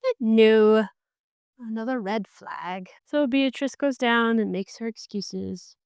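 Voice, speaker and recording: A woman with a fairly high, smooth and resonant voice gives a chatty book recap as a podcast host. She talks in an animated way, jumping into the characters' lines. The recording is close and dry, with no room sound. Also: takes it slowly, dry recording.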